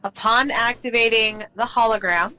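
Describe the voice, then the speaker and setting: A woman narrating as game master of a tabletop role-playing game, telling the scene softly and unhurriedly with small fillers. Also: a little high, clear, resonant tone, rough recording. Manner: soft, unhurried storytelling with fillers.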